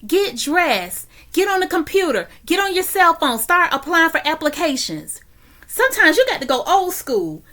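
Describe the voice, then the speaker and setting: A woman's voice: high-pitched, fairly bright tone. A woman giving a faith-based motivational talk from her guest bedroom, exhorting listeners with a repetitive, preacher-like cadence. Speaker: motivational speaker.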